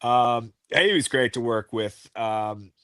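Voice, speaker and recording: A man's voice: mid-range voice, slow pace, fairly bright tone, clean tone, dry recording, studio quality. Chatty middle-aged man telling wrestling stories. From United States. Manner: chatty, rambling anecdotes with many fillers. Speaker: pro wrestling guest. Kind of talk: casual interview storytelling.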